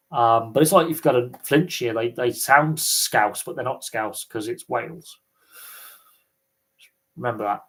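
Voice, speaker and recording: A man chatting casually as host of a live Q&A stream. He rambles from point to point, thinking out loud with plenty of ums and restarted phrases. His voice sits at an ordinary middle pitch for a man. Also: poor audio. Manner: rambling, thinks aloud with many fillers and restarts. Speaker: sports livestream host.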